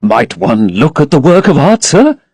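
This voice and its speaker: A man lifts his voice into a fawning frame-maker from a storybook, a middle-aged tradesman who talks high and eager, always bowing to his betters. The voice is dry and close, with lively, upward-reaching lines. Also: a little slow, husky, no echo, exaggerated voice. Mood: servile. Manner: obsequious, eager to please.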